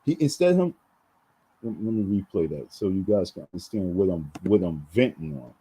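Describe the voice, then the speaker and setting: A man's voice: deep voice, expressive, a little fast, mellow, slightly rough, rough recording. A man venting in a heated, repetitive rant on his vlog, full of restarts and slang. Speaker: vlogger.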